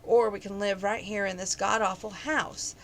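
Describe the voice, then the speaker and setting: A woman's voice: mid-range voice, fairly even intonation, normal speed, a bit bright, a little hiss or hum, natural voice. A woman reading as a tender young rancher. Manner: earnest, tender. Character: lovestruck young man, a rancher.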